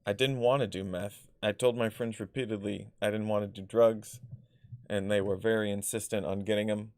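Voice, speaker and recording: A man's voice: on the low side, fairly even intonation, normal speed, darkish tone, no echo, studio quality. A man vlogging personal stories in a casual, rambling way, full of fillers, restarts and blunt swearing. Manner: rambling, filler-heavy, loses his thread.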